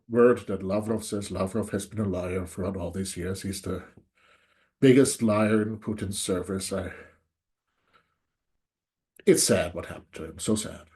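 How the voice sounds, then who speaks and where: A man's voice: on the low side, dark tone. A man delivering an angry, emphatic solo commentary, openly sarcastic and hammering his points home. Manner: repeats "there's no doubt" for emphasis. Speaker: political commentator. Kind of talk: solo opinion monologue.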